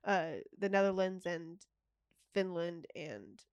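A woman's voice: on the low side, steady tone, takes it slowly, clean tone, dry recording, dull audio. A woman guest on a podcast, talking casually and easily, often answering with short agreements. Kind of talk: casual chat.

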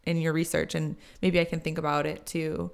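Gravelly low-voiced woman chatting casually. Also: level tone, a little fast. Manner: rambling, frequent restarts and quoted asides. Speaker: podcast co-host. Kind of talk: casual chat.

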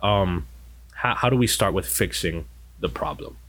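Male co-host, deep voice, reasons aloud with questions. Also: unhurried, fairly bright tone. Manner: explains step by step, asks rhetorical questions. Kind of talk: casual faith talk.

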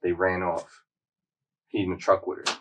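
A young man in casual chat, retelling a show in a loose, slangy, animated way. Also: sits low, normal speed, far from the mic, a little hiss or hum, poor audio. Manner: loose, slangy storytelling with frequent "like" and laughter. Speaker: podcast co-host recapping a show.

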